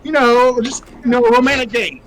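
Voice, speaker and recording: Brief: male co-host, very high voice, dry teasing prank-call tone. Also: brisk, fairly bright tone, poor audio. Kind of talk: casual livestream banter.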